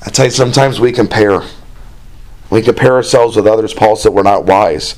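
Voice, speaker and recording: A man preaching a sermon in a folksy, conversational way, with plain asides and imagined dialogue. He reads scripture aloud in a raised, more animated voice. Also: on the low side, moderate pace.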